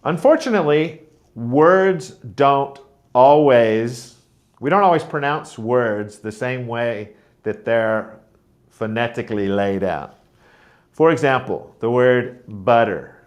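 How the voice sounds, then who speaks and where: A man's voice: medium pitch, expressive, slow pace. An American man, a teacher trainer, giving an instructional video lesson on pronunciation and repeating words to model the sounds. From United States.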